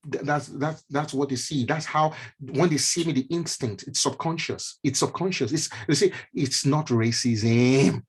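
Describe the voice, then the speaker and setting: A man's voice: medium pitch, breathy edge. A man, a neurologist, giving a conversational mentorship talk with slides, repeating key phrases and dropping casual asides. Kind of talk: motivational teaching talk with slides. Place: online stream presentation.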